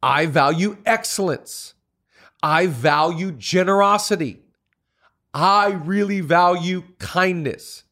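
A middle-aged man, a pastor and podcast host, giving an energetic motivational talk on leadership with emphatic, repeated phrases like a sermon. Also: high voice, slow. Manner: energetic preaching delivery with emphatic repetition.

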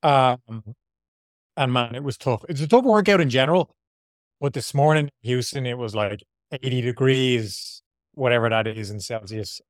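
An Irish man talks loosely and rambles, laughing now and then, worn out after a hard run. His voice sits at an ordinary pitch and sounds dry and close to the mic. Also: moderate pace, no room sound. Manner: chatty, rambling, laughs often. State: tired after a workout. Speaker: podcast co-host, marathon runner. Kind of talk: casual chat.

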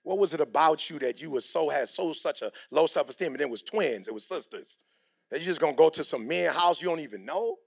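A man's voice: fairly high pitch, animated, fairly quick, creaky, breathy edge. A middle-aged man giving a motivational speech in a preachy, slangy way, acting out the people he quotes. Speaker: motivational speaker.

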